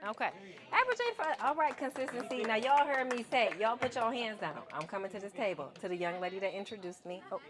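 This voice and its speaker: In an event hall before an audience, a woman delivers a keynote to students. Her voice sits on the high side, and she talks fast with hardly any pauses, keeping things casual, lively and playful while calling on people in the crowd.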